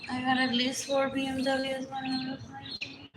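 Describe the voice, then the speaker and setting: A woman's voice: high voice, monotone, normal speed, very noisy. Woman livestreamer, rambling and repetitive, in an echoey space with birds. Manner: rambling, repeats phrases over and over. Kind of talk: rambling live stream monologue. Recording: roomy echo with loud birdsong.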